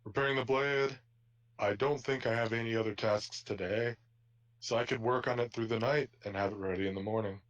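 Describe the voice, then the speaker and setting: A man's voice: mid-range voice, fairly even intonation, fairly quick, lo-fi sound, natural voice. Guy voicing a chill polite robot blacksmith, medium voice, courteous.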